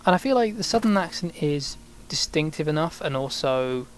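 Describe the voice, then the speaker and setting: A man's voice: on the high side, animated, normal speed, slight background noise. A man giving rambling, sarcastic commentary while he plays a video game. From Britain. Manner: rambling, sarcastic, mutters to himself. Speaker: gameplay commentator.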